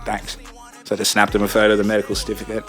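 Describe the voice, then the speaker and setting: Young man, lowish voice, swearing casually through a story, faint music underneath. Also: completely flat delivery, very fast, fairly bright tone. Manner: blunt and profane, acts out other people's lines. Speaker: storyteller vlogger.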